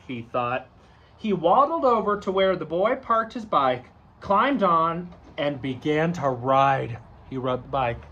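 A man reading a picture book aloud to children in a gentle, unhurried way, adding chatty asides between the pages. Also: a little high, slightly rough, muffled recording. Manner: animated, lively voice. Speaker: storybook reader.

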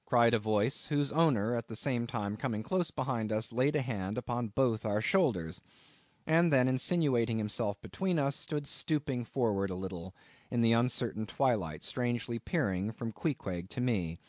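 Expressive and measured, a man narrates an audiobook from a script. The recording is dry and studio quality, and his voice sits at a medium pitch.

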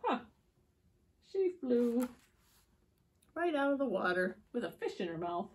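A woman reading picture books aloud to young children, expressive, with gasps and drawn-out words. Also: on the high side. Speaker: storytime reader.

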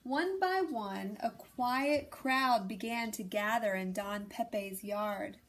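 Slow, expressive woman storyteller. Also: mid-range voice. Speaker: storybook reader. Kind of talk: storybook read-aloud narration.

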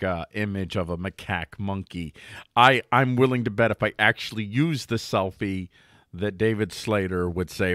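A man hosting a casual headline commentary show, wry and joking, with pitch jumping up for emphasis. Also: a bit bright, dry recording, studio quality. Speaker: news commentary host.

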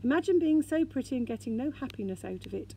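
A woman's voice: high voice, animated, quick pace, warm tone, a little hiss or hum, voice pushed up, low-quality recording. A woman reading aloud, voicing a tender, motherly female troll with a sighing delivery.

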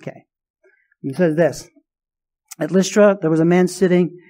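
A man's voice: high-pitched, fairly even intonation, moderate pace, mellow. A male pastor preaching a sermon, emphatic and full of rhetorical questions.

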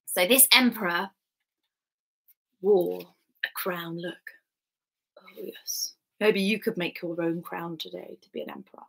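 A woman's voice: fairly low pitch, steady tone, moderate pace, creaky, long pauses. A woman at home leading an interactive children's story time, coaxing and talking straight to the kids.

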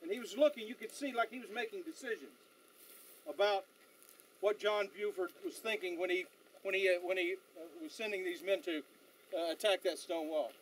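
Guy giving a tour outside, pretty high voice, lots of uhs, tells stories. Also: slight background noise, poor audio. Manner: animated storyteller, halting with fillers. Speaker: battlefield tour guide. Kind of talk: outdoor guided tour talk. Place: outdoors on a battlefield.

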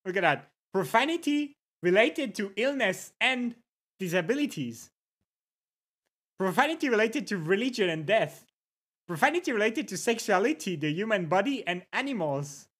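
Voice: medium pitch, sing-song, moderate pace, fairly bright tone, slightly rough. A livestreamer in casual chat, reading viewer messages aloud, greeting people, and repeating words with amusement.

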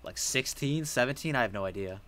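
Man co-hosting a relaxed gaming session, talking at a fast clip with a bright, forward voice. He tells his stories animatedly and swears casually, the talk loose and conversational. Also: mid-range voice. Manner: animated storyteller, swears freely. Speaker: co-host of a game challenge series. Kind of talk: casual gaming chat while playing.

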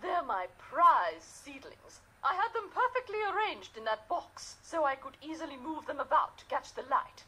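A prim, haughty old British matriarch. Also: female voice, high voice, very animated, normal speed, hardly any pauses, sharp tone, exaggerated voice, rough recording. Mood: coaxing. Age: older. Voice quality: indignant, haughty scolding. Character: stern, prim elderly great-aunt of the manor. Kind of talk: adventure game dialogue.

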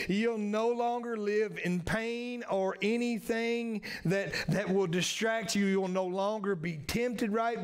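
A man preaching a sermon in a church, earnest and repetitive, often tagging his sentences with "right?". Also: high voice. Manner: earnest, repetitive, frequent "right?" tag questions. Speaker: pastor. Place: church sanctuary.

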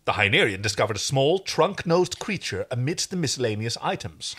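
A man co-hosting a podcast, reading fan fiction aloud in an animated, joking way. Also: mid-range voice, fairly quick, husky. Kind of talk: casual fanfic reading with banter.

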